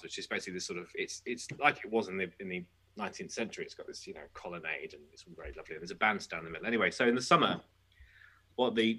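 Rapid, bright-voiced man. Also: sits low, husky. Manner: animated storyteller, quick restarts. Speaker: guest musician. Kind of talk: casual podcast chat.

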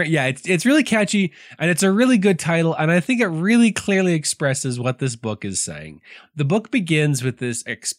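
A man's voice: mid-range voice, no echo, studio quality. A man co-hosting a casual book chat, talking with lots of restarts and laughs. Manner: animated, laughing, many restarts. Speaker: podcast co-host.

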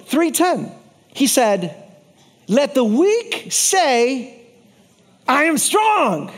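A man with a strikingly high voice preaches a sermon. He tells the story with lively energy, breaks off for playful asides to the congregation, and repeats key lines to drive them home. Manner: repeats phrases for emphasis.

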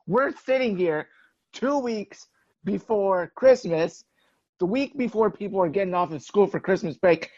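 A man's voice: sits high, dry recording, highs cut off. A young man co-hosting a casual sports podcast, explaining his view steadily and often saying "like". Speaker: podcast co-host.

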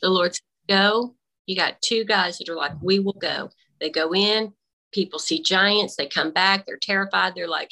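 A woman's voice: lowish voice, normal speed, creaky, bright, forceful tone, rough recording. A woman on a remote call through earbuds, telling a faith testimony in casual conversation and animatedly acting out her own dialogue. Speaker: guest. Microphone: AirPods.

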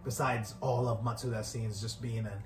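A man's voice: medium pitch, little pitch movement, moderate pace. A young man from Canada talks loosely as a podcast co-host, laughing between thoughts and swearing freely. His voice sits in an echoey room with faint music under it. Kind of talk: casual chat.

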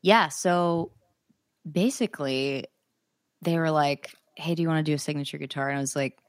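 Give me a young woman with a low voice, chatting eagerly in an interview. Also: moderate pace, no echo. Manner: chatty, enthusiastic, with laughs and fillers. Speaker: singer-songwriter guest. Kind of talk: casual interview chat.

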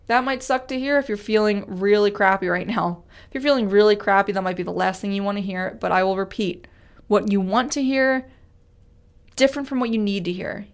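A woman giving a devotional Bible teaching, earnest and conversational, who repeats key phrases for emphasis and reads scripture slowly and weightily. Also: mid-range voice, gravelly. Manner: reads scripture aloud with slow, weighty delivery. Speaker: speaker teaching a Bible study.

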